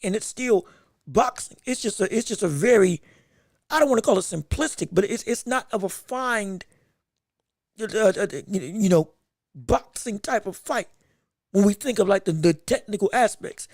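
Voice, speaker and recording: Man, fight commentary host, emphatic, slangy, raspy, fry in the voice. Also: sits high, moderate pace, dry recording, studio quality. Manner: excitable, emphatic, repeats himself; casual slangy talk. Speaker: podcast host.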